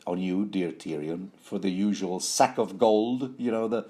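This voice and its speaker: A man's voice: low voice, measured pace, warm tone, husky. A man giving a rambling, playful book commentary, full of fillers, restarts and self-corrections.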